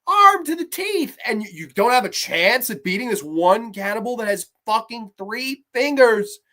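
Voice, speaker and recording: A man's voice: sits high, moderate pace, a bit bright. A man in his twenties hosting a horror movie review, talking casually with a profane, sarcastic, ranting manner. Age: 20s.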